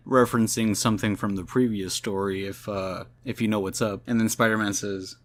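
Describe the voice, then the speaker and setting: A man reviewing a comic in a relaxed, conversational way, summarizing panels and reading the dialogue aloud. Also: lowish voice, a little fast, few pauses. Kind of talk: casual video review narration.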